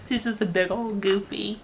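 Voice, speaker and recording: Chatty young mom rambling to camera. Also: female voice, mid-range voice, fairly bright tone, slight background noise, low-quality recording. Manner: chatty, rambling, heavy use of "like", laughs often. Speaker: mother vlogging a baby update. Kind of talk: casual chat to camera.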